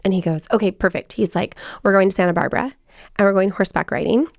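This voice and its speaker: A woman's voice: mid-range voice, quick pace, vocal fry, dry recording. A woman in her forties hosting a casual chat, telling stories and quoting people as she goes. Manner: chatty storytelling, quotes people in lively voices. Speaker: host.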